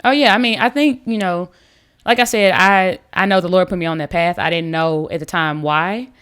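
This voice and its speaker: A woman guest on a podcast, telling a story in a casual, animated way with many fillers and restarts. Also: on the low side, moderate pace, clear, resonant tone.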